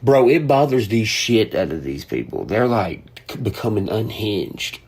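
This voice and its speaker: A man's voice: on the low side, very animated, measured pace, vocal fry, a little mellow, breathy edge. A man ranting casually in a vlog, profane, laid-back and rambling. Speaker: content creator.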